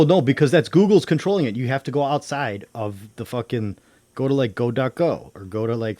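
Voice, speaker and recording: A man's voice: fairly low pitch, a little mellow, dry recording. A man hosting a livestream, chatting casually in a rambling way, full of swearing and slang. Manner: rambling conspiracy talk. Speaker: livestream host.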